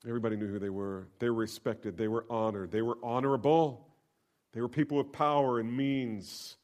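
A middle-aged man preaching a sermon. He repeats key lines for emphasis and swings between loud and hushed. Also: medium pitch, fairly even intonation, fairly quick. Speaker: pastor.

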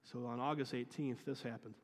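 A man's voice: medium pitch, steady tone, fairly quick, long reverb tail, a little hiss or hum. A man, a youth pastor, telling a personal story in an earnest sermon, often restarting and acting out dialogue.

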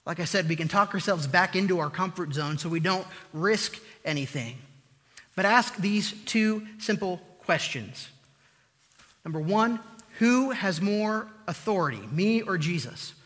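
Male preacher, high bright voice, earnest emphatic delivery, hall reverb. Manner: earnest, emphatic repetition with slow pauses. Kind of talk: sermon.

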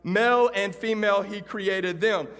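Texan man preaching to students, fairly high voice, swings between rousing calls and quiet storytelling, long hall reverb. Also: a little slow, smooth. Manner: animated, shifts from loud calls to hushed storytelling. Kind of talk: sermon to students.

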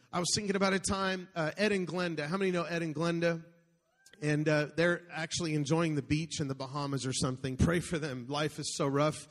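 A middle-aged man preaching a sermon, an animated storyteller who jokes and calls out to the congregation. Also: high-pitched. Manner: animated, joking storyteller with call-outs to the congregation. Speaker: pastor. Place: large church auditorium. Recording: long hall reverb.

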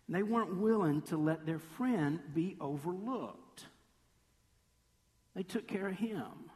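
A man with a high, light voice delivers a sermon with lively storytelling and playful sarcasm. He acts out the voices of the people in his story. His words ring out with a long reverb, as if he were in a large hall. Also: slow. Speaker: preacher.

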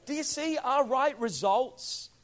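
A man preaching a sermon as pastor, emphatic and pleading, swinging from quiet asides to near shouts. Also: extremely high pitch, slow.

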